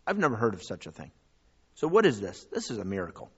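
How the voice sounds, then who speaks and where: A man preaching a sermon as pastor, rising to loud, high calls and dropping to quiet asides. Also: huge pitch swings, fast talker, husky, lo-fi sound. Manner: preaching with big swings in pitch and loudness.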